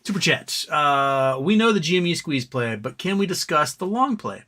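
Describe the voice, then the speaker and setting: Male stream host, bright tone, loose rambling delivery with lots of ums. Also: on the high side, sing-song, normal speed. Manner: rambling, reads viewer comments aloud, frequent ums. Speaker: livestream host. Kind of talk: casual live-stream chat.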